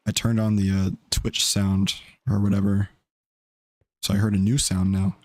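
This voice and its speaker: A man's voice: fairly low pitch, level tone, moderate pace, a little mellow, no room sound, clean studio sound. A young man casually chatting while streaming a game, rambling and laid-back. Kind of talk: casual gaming stream chat.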